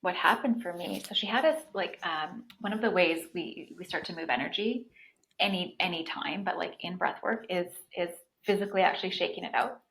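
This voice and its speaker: Animated woman telling a story. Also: on the low side, a little fast, poor audio. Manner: animated, frequent "like" fillers. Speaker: podcast guest, breathwork facilitator. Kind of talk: casual storytelling.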